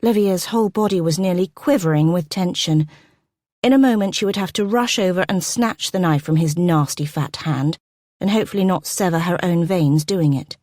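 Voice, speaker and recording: In a measured, expressive reading, a woman narrates a historical romance audiobook from a script. Her voice sits fairly low, and the recording is dry and studio quality.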